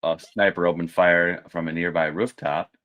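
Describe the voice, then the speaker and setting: A man co-hosting a casual podcast chat, speaking in a steady, earnest way. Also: sits low, moderate pace, phone-quality sound. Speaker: podcast co-host.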